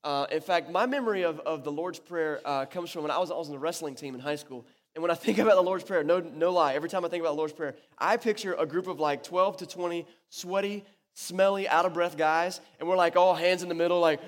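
A man with a fairly high pitch preaches quickly to his congregation, his voice echoing around the church hall. He's a pastor with a conversational, animated delivery and many restarts.

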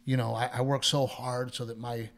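Animated male comedian telling stories. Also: medium pitch, moderate pace, vocal fry. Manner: animated storyteller who quotes others in their voices, swears. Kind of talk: casual chat, storytelling.

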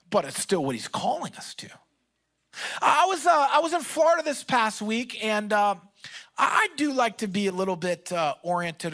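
A male pastor preaching a conversational, story-driven sermon. He swings from loud bursts to hushed asides. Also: sits high.

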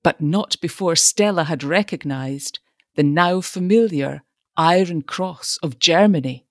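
A woman's voice: fairly low pitch, measured pace, no room sound, clean studio sound. A woman narrating an audiobook, reading expressively.

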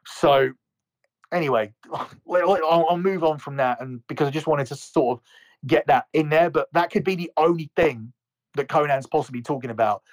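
At a moderate pace, a male co-host with a higher voice rants on a casual podcast. He's heated and profane, frequently saying the same words again.

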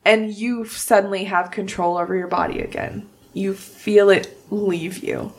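Slow-paced woman narrating a tabletop game. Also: mid-range voice, fairly even intonation. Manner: slow, measured storytelling. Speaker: game master.

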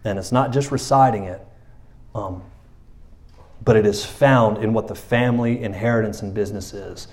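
A man preaching in a loose, conversational way, often checking in with his listeners and dropping to a quiet voice for emphasis. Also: mid-range voice, moderate pace. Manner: conversational, often asks 'you know what I'm saying', drops soft for emphasis. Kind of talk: informal sermon.

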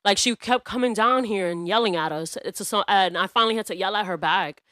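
A woman's voice: medium pitch, fairly quick, bright, forceful tone, no room sound. A woman co-hosting a podcast from home, talking bluntly and swearing as she retells events. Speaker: podcast co-host. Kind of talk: casual conversational storytelling. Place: home apartment.

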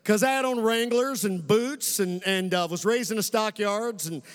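A Western Kentucky pastor with a very high-pitched voice and Kentucky accent preaches a sermon with a preacher's cadence, stretching key phrases, slowing for emphasis and calling on the congregation for responses. The tone is clean, with a long reverb like a large church hall.

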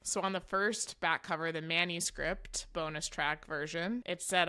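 A woman's voice: on the low side, a little slow, pushed and bright, clean tone. A woman co-hosting a podcast, laying out points like evidence in casual chat. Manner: builds a case playfully, quoting lyrics as evidence. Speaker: podcast co-host.

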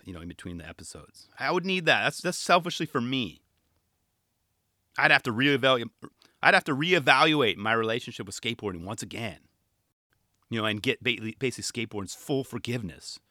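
A man hosting a podcast in casual, rambling chat, animated and self-deprecating. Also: mid-range voice, dry recording, clean studio sound. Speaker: podcast host.

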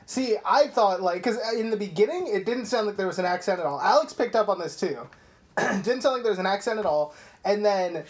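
A man's voice: high-pitched, brisk. Profane rambling young man. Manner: rambling, profane, animated storytelling. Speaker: podcast host. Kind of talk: casual film chat.

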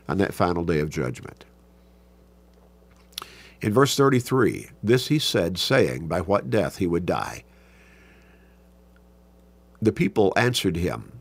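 A man teaching a Bible class, reading scripture aloud and explaining it slowly, stretching key words for emphasis. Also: fairly low pitch, gravelly, no echo.

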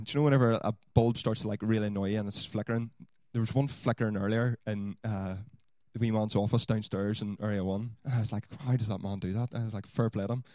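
A man preaching a sermon, swinging from loud exhortation to quiet asides. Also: on the low side, no echo. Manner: animated, rising to loud exhortation then dropping to quiet asides.

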